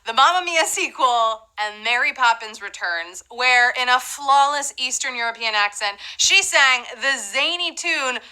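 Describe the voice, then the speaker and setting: A woman's voice: high voice, expressive, unhurried, few pauses, sharp tone, clean tone, rough recording. A woman hosting a live trivia game show, chatty and playful, with asides to the players.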